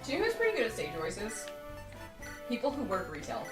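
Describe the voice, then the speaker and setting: A woman co-hosting a game playthrough, chatting casually and often breaking into playful mock sales-pitch voices. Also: wildly swooping pitch, brisk. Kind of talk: casual let's-play chat. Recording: roomy, distant mic, game music behind.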